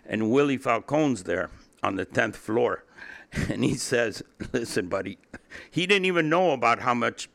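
A man's voice: mid-range voice, animated, a little slow, gravelly, a bit bright. An older man from Cuba, a guest in an interview, telling his story bluntly with profanity, frequent laughs and repeated words. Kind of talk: candid storytelling in a podcast interview.

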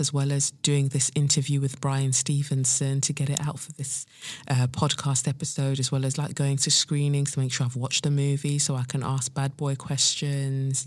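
A woman's voice: a bass voice, a little mellow, no echo. A woman hosting a podcast in a casual solo chat, slangy and self-hyping, full of fillers. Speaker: podcast host.

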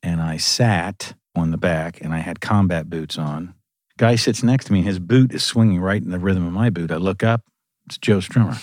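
A man hosting a casual conversation, animated and laughing as he tells long anecdotes about his music days. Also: sits low, normal speed, dry recording, studio quality.

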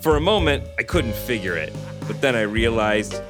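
A man's voice: medium pitch, moderate pace, over music. A man co-hosting a podcast, chatting casually and reading chapters of a novel aloud. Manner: animated, laughing, many fillers. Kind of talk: casual chat and book reading.

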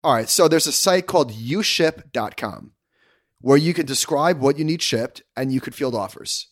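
A man's voice: mid-range voice, lively intonation, normal speed, no echo, studio quality. A man co-hosting a podcast, telling a rambling anecdote in casual chat and correcting himself as he goes. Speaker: podcast co-host.

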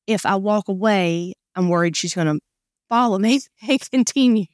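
A woman, a mother seeking coaching, speaking hesitantly with halting restarts. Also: mid-range voice, dry recording, studio quality. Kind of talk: conversation.

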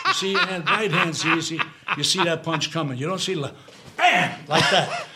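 An older man with a New York accent, telling stories in an interview, animated and swearing freely. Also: a little high, brisk, noisy background. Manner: animated storyteller, swears freely, acts out quotes. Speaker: guest, actor. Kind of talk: casual storytelling interview. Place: club room.

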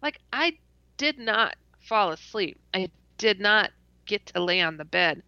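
A woman telling a personal story in a casual interview, animated and laughing often, stuttering and restarting as she goes. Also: mid-range voice, a little slow, dry recording. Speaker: interview guest. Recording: dull lo-fi dry recording.

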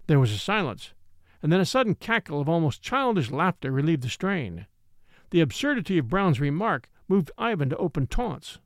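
Gravelly expressive male narrator. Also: a little high, normal speed, dry recording, clean studio sound. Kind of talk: audiobook narration of a classic mystery.

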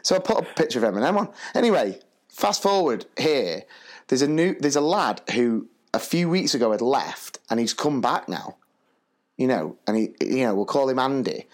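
A man co-hosting a podcast, telling stories in a chatty, slangy, animated way. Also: mid-range voice, moderate pace. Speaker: podcast co-host and primary school teacher. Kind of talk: casual storytelling chat.

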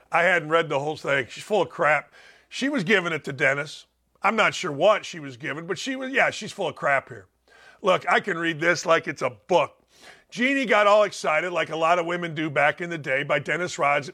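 An older man hosting a sports talk show, telling blunt, animated stories and acting out what people said. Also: fairly high pitch. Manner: blunt, animated storyteller who acts out quotes. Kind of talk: opinionated sports radio talk.

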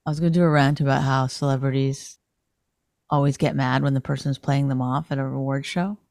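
A woman's voice: extremely low pitch, fairly even intonation, fairly quick, darkish tone, no room sound. A woman co-hosting a podcast in casual chat, ranting with lots of swearing and mocking people in put-on voices. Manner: profane, ranting, mocks celebrities in put-on voices. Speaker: podcast co-host.

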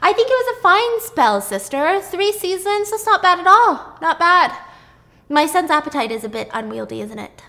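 A woman voicing a scheming, mocking queen who taunts loudly in a high voice. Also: sing-song, normal speed, exaggerated voice. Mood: teasing. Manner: taunting, loud, high-pitched.

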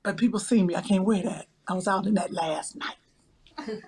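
A woman's voice: medium pitch, brisk, mellow, breathy edge. A woman, chatting casually and playfully, often breaking into laughter. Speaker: talk show co-host. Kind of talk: casual chat on a phone or video call.

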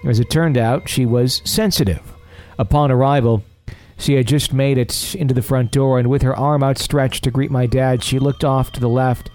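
A man's voice: medium pitch, a little mellow. Easygoing male podcast host. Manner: easygoing, rambling with self-deprecating humor. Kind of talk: casual podcast chat and reading listener letters.

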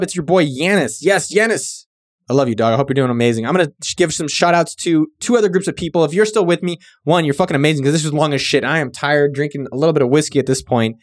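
Slangy laid-back podcast host. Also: male voice, fairly high pitch, no echo, studio quality. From California, US. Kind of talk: casual shout-out monologue.

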